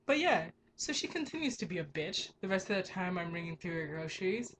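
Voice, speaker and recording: A woman's voice: fairly low pitch, big pitch swings, fairly quick, fairly bright tone, slight background noise. Young woman ranting in exasperation. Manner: exasperated, profane, emphatic ranting. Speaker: grocery clerk. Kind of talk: ranting vlog monologue.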